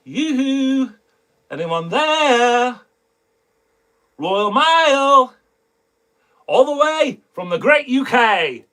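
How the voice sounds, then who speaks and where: A man's voice: very high-pitched, sing-song, very slow, pauses often, a bit bright, voice pushed up, heavily acted. Man doing a put-on British accent as a cheery mail carrier, sing-song and drawn out. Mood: mock cheery.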